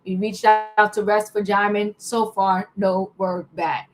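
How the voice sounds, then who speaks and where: A woman's voice: medium pitch, flat delivery, takes it slowly, faint music behind. A woman hosting a casual panel talk show, reacting animatedly and calling on each panelist by name.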